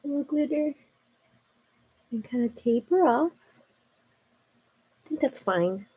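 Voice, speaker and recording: This livestream beauty host works through her makeup while chatting casually and intimately, calling her viewers "girl." She talks slowly in a high-sitting voice with lively intonation, a darkish tone, and slight roughness.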